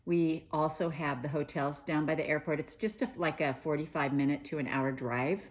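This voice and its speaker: A woman's voice: low-pitched, normal speed. A middle-aged woman hosting a quilting show, talking in a chatty, gushing way with many fillers and restarts. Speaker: host of a quilting news show. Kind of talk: casual chat to camera.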